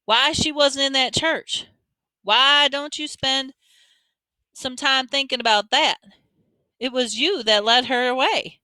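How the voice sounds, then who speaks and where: A woman's voice: high-pitched, slow pace, long pauses, pushed and bright, no room sound, voice pushed up, full character voice. A woman reader voicing a tough teenage boy who talks slangy and bossy to his little brother. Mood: scolding. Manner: slangy, scolding, street talk.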